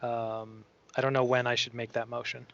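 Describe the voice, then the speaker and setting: A man's voice: medium pitch, level tone, normal speed, creaky, fairly bright tone. A man on a board speaking up in a meeting, tentative and unsure of the procedure. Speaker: board member. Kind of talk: meeting discussion. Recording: dry lo-fi video call audio.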